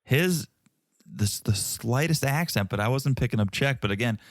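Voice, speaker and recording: A man's voice: medium pitch, lively intonation, moderate pace, dry recording, clean studio sound. A man from Connecticut co-hosting a podcast, recapping in a wry, joking way. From Connecticut, United States. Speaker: podcast co-host. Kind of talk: casual chat.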